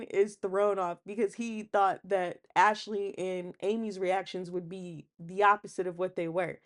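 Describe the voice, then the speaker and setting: A woman hosting a casual TV recap vlog, chatty, laughing often and acting out what people said. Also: medium pitch. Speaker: YouTube recap host.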